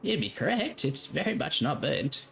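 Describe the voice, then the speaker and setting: A man's voice: on the high side, big pitch swings, normal speed, creaky, fairly bright tone, slight background noise, voice pushed up, heavily acted. A man voicing a cheery, sly middle-aged woman trader in a sing-song, overly sweet way. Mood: sweetly cheery.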